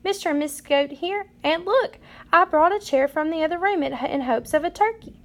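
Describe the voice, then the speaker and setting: Hospitable lady moose, sweet welcoming manner, high voice, gravelly, storybook, a woman doing it. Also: normal speed. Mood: eager. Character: warm, hospitable female moose.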